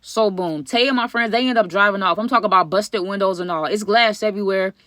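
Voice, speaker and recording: A woman rattles off a casual storytime vlog at a quick clip, animated and full of slang, talking straight to her viewers. Her voice sits at a middle pitch and sounds dry and close, with no room around it. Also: no room sound.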